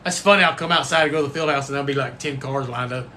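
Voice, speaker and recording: A man's voice: medium pitch, very fast, sharp tone, a little hiss or hum. A man hosting a casual livestream, folksy and rambling, with the odd cuss word. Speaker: livestream host and football coach.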